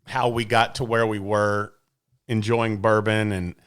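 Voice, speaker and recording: A low-voiced man from Texas spins a long, casual story, circling back and restarting his sentences as he goes. His delivery is unhurried and conversational. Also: flat delivery, fairly bright tone, clean tone. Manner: storytelling, restarts and trailing asides. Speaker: podcast guest. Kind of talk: casual chat.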